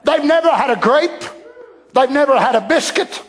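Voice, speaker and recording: A man preaching a sermon with passion, dropping to a hush and then rising to shouts. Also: extremely high pitch, animated, normal speed. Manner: impassioned, swinging between hushed and shouted.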